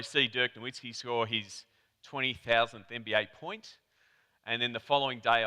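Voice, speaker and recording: An Australian man gives a keynote talk in a reverberant hall, his bright, crisp voice carrying a long tail of echo. He tells his story in a chatty way, tossing quick asides to the audience. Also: medium pitch. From Melbourne, Australia. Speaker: conference presenter. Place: conference hall.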